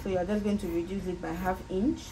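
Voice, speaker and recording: A woman's voice: mid-range voice, fairly even intonation, fast talker. A woman with a Nigerian accent walks through a sewing project step by step, patiently repeating each instruction as she works. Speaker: sewing tutor. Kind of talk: casual step-by-step sewing tutorial. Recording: roomy echo with faint background noise.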